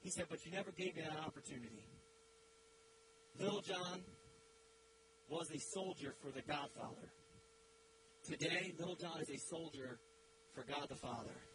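A man with a high voice preaches a sermon in church, telling a story with dramatic, swelling emphasis. A loud, steady hum runs under the recording. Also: normal speed, long pauses. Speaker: guest preacher.

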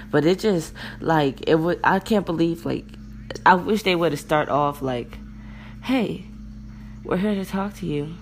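A young woman hosting a casual podcast rambles through a story packed with slang and swearing, acting out what people said. Her voice is low-pitched with vocal fry, and there's a little hiss or hum in the audio.

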